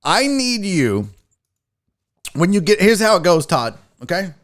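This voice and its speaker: A man's voice: high voice, big pitch swings, measured pace. Tipsy, rowdy male sports streamer. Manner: tipsy, loud, joking, swears often. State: a little drunk. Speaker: sports talk show host. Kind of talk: casual livestream talk.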